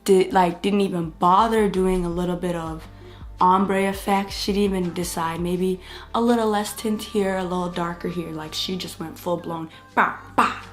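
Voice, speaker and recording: A young woman tells a casual story-time vlog straight to camera. Her delivery is expressive, and she jumps into other people's lines as she retells what happened. Faint music plays under her voice. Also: on the low side, normal speed. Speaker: vlogger.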